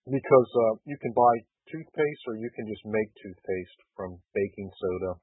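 Husky low-voiced man on a tinny line. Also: animated, normal speed, dry recording. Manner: rambling, many restarts and fillers. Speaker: host. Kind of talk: casual call-in chat. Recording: tinny phone-line audio.

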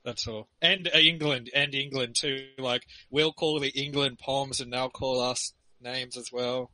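A man's voice: mid-range voice, steady tone, measured pace, bright, forceful tone, no echo, rough recording. An Australian man talking loosely in a casual group discussion, rambling and laughing between points. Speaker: forum participant.

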